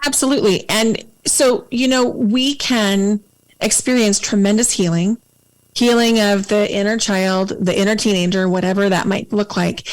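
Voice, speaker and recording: A woman hosting a podcast interview, speaking in a calm, measured and reflective way. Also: medium pitch, rough recording. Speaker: podcast host. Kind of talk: casual conversational interview.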